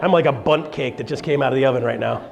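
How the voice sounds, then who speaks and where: A man, a realtor, giving an energetic, joking seminar talk on stage to a live audience. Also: medium pitch, quick pace, creaky, lo-fi sound, a crowd in the background. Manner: energetic, joking, with sudden loud bursts.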